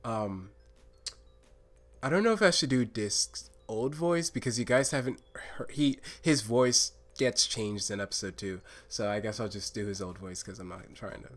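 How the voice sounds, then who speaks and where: A man's voice: fairly low pitch, normal speed, faint music behind. A man chatting casually on a livestream about his cartoon project, rambling and full of fillers. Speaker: animator, voice actor and show creator.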